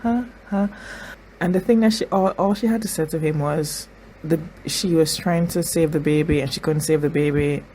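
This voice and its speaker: Brief: reaction-video host, emotional and tearful, halting commentary full of repeats, mid-range voice. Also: medium pitch, steady tone, a little mellow, slight background noise, rough recording. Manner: emotional, repeats phrases, thinks aloud with many restarts.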